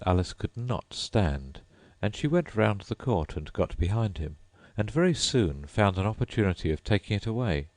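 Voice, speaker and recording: Deep voiced guy reading a storybook aloud, lively swoopy delivery, dry close sound. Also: no room sound. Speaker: audiobook reader. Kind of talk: scripted narration.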